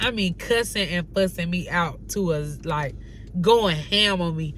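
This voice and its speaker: A woman's voice: fairly low pitch, measured pace, a little hiss or hum. Young woman telling a storytime vlog. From North Carolina. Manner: animated, slangy retelling with quoted dialogue. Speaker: vlogger. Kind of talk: casual storytime.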